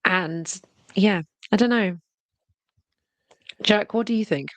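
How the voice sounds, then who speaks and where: A woman's voice: medium pitch, slow pace, no echo. A woman co-hosting a fan podcast, candidly chatting through news she reads from notes. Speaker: podcast co-host. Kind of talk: casual chat reading news.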